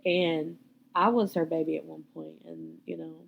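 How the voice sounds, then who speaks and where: A woman's voice: deep voice, little pitch movement, moderate pace, gravelly, narrow, tinny audio, a little hiss or hum. A woman hosting her own podcast, telling her life story in a raw, candid way and swearing freely. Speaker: podcast host. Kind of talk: confessional personal storytelling.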